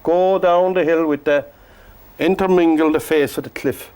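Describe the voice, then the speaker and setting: A man from Cork with an Irish accent, teaching a painting lesson in a gentle, joking, soft-spoken way. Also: a little high, steady tone, moderate pace, smooth. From Ireland. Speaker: painting instructor. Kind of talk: painting lesson with chatty asides.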